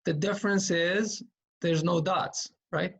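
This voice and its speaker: A man teaching Quran reading at a slow, unhurried pace. He explains patiently and repeats each sound, with plenty of fillers along the way. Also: high-pitched, steady tone, breathy edge.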